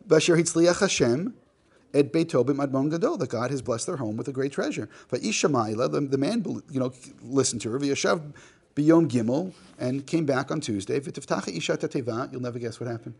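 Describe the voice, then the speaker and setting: A man's voice: mid-range voice, expressive, a little fast, vocal fry, darkish tone, slightly rough. A man teaching a class, reading a text aloud, translating it line by line and joking with the students. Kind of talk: classroom lecture.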